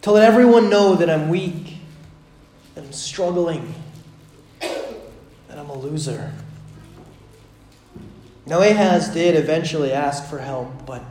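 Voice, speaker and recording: A man preaching a sermon, swinging between loud, pressing lines and hushed, drawn-out ones. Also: a little high, animated, roomy sound, a little hiss or hum.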